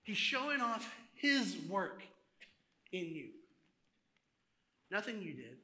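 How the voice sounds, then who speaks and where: A man preaching a sermon in a lively, conversational way, acting out little asides to the congregation. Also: high voice, slow pace. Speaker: pastor.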